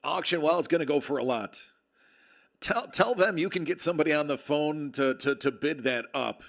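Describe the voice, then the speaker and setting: A man with a slightly high, fairly bright voice with vocal fry hosts a casual live stream at normal speed. He projects into a close desk microphone with a level meter, radio-style, joking, chatting, and reading out viewer comments.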